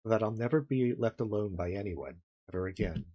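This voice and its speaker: A woman voicing a lonely, anxious young girl in a visual novel game, with a soft, subdued voice. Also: rumbling low, brisk, highs cut off, slight background noise, voice pushed down. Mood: gloomy.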